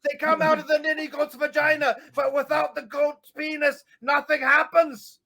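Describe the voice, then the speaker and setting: A man putting on an angry, blustering Irishman with a mock Irish accent, shouting drawn-out comic threats in a casual chat. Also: extremely high pitch, monotone, pitched above the performer's own voice. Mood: angry ranting. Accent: Irish (put on).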